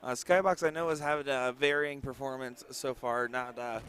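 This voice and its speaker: A man's voice: medium pitch, fairly even intonation, moderate pace, fairly bright tone, clean tone. A man doing live darts commentary with a jokey, bantering, self-mocking manner, calling the match from a casino event hall.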